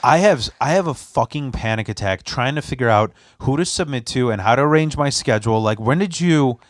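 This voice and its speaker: Male podcast host, relaxed interviewer with quick back-channel replies, dry close mic. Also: medium pitch, no room sound. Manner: short affirming replies, curious questions. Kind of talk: casual podcast chat.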